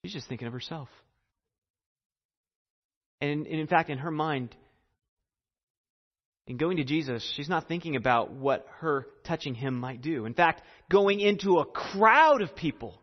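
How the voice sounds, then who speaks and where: A man preaching a sermon earnestly, repeating phrases and pausing for effect. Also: fairly high pitch, big-room sound, highs cut off. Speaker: pastor.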